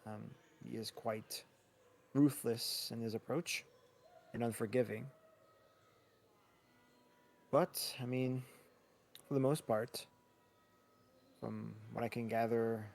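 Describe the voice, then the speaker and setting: A man voicing a kindly, tired middle-aged priest who speaks in halting, stammering sentences full of gentle concern. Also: medium pitch, vocal fry. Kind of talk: tabletop role-play in character.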